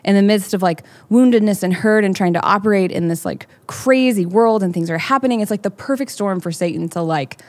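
A woman's voice: medium pitch, fairly quick, few pauses, a little mellow. A young adult woman co-hosting a candid faith podcast, talking in a heartfelt, rambling way with many fillers. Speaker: podcast co-host.

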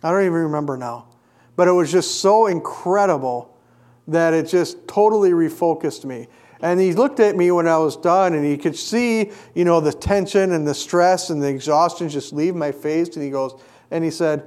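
A middle-aged male preacher delivering a sermon and telling a personal story, earnest, rising to emphatic peaks and dropping quiet. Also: on the high side, normal speed.

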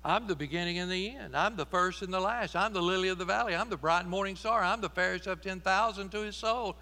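A preacher putting on Jesus, a commanding white-robed man who booms out his titles in a rapid litany. The voice sits high and rings bright and forceful. A long echo and a low mains hum fill the hall behind him. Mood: proclaiming.

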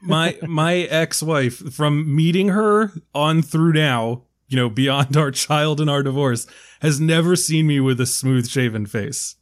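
A man's voice: on the high side, measured pace. A man hosting a casual film podcast, joking and rambling as he retells conversations. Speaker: podcast host.

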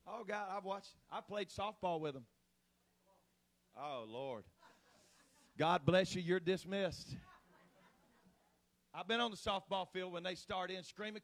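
Man, preacher, very high voice, church sermon, chatty then shouted. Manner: swings from low conversational talk to shouted, drawn-out exhortation.

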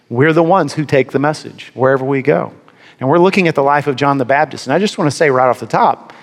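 A man's voice: mid-range voice, vocal fry, in a large hall. A man preaching a sermon, telling a personal story with wry, self-deprecating humor. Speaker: pastor.

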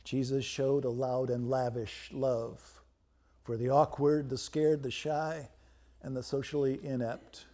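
A pastor preaching a storytelling sermon, swinging between loud emphasis and quiet, hushed moments. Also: male voice, mid-range voice, level tone, measured pace.

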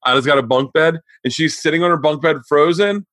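A man's voice: on the high side, fairly quick, fairly bright tone, no room sound. A man hosting a podcast, telling family stories in casual chat and laughing as he goes. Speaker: podcast host.

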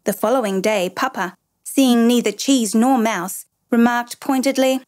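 A woman narrating a children's story in a measured, gently expressive reading. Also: a little high.

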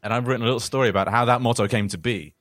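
A man's voice: mid-range voice, fairly even intonation, racing, fairly bright tone. A man hosting a comedy chat who reads his own silly story aloud and laughs often.

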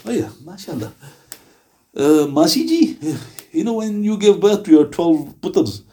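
A man teaches a religious class, breaking into little acted scenes and laughing at his own stories. His voice sits a little high but sounds dark and mellow. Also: brisk. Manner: lively storytelling with acted quotes and laughs. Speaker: Islamic teacher. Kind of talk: religious lesson.

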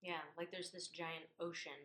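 Lower bright woman in a roomy space. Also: little pitch movement, slight background noise. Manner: thoughtful, uses many fillers, slows to weigh words. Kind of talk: casual reflective conversation.

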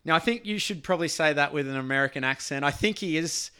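A man's voice: fairly high pitch, quick pace, pushed and bright, clear, resonant tone. A man co-hosting a podcast, chatting casually with jokey, rambling banter. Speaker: podcast co-host. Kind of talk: casual chat.

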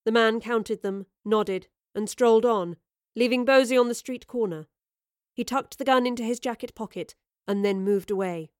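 A woman narrating a story in a measured, scripted reading. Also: a little high, a little mellow, no room sound, studio quality.

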